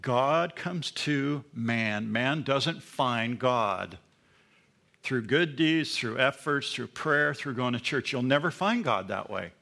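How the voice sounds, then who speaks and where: A man's voice: medium pitch, lively intonation, slow, vocal fry, sharp tone. A man preaching a sermon in a church, emphatic and asking the congregation questions. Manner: emphatic, with call-and-response questions. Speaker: pastor.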